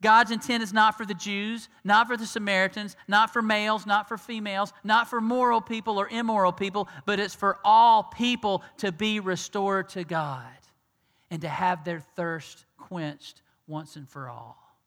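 A man preaching a conversational sermon who acts out the dialogue and swings between loud and hushed delivery. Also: high-pitched, fairly even intonation, moderate pace. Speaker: pastor. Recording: long hall reverb.

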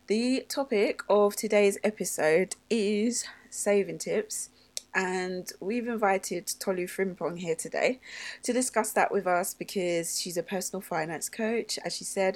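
A woman hosting a podcast, upbeat and teasing, laughing often as she chats. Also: medium pitch. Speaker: podcast host. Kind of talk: casual podcast chat.

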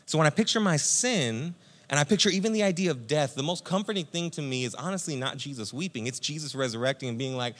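Energetic man preaching a casual sermon. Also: a little high, quick pace. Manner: conversational, energetic, addresses listeners as friend. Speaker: pastor.

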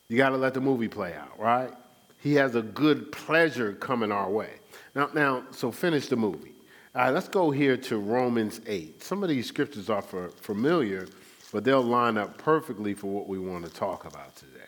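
A man's voice: mid-range voice, expressive, normal speed, a bit bright. A man preaching a sermon at his church, teaching in a loose conversational way and often asking the congregation to fill in the words. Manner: conversational preaching with call-and-response questions. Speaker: pastor.

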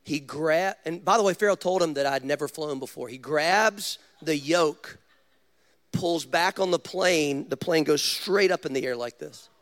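A man, a pastor, preaching a sermon with animated storytelling and direct questions to the congregation. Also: a little high, measured pace.

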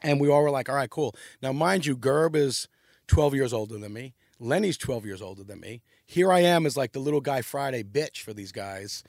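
A man's voice: mid-range voice, normal speed, dry recording, studio quality. Profane New man telling stories. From New York. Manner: animated, profane, rambling storytelling. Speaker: podcast guest. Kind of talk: casual storytelling chat.

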